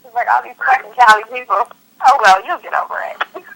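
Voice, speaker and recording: A woman's voice: on the high side, a little fast, creaky, fairly bright tone, low-quality recording. A woman from the US West Coast, hosting a podcast in loose, slangy casual chat full of fillers and laughter. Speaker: podcast host.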